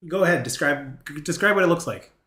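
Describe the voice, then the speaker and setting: A man running a tabletop game as game master, relaxed and hesitant, with many pauses and ums. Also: on the high side, echoey room.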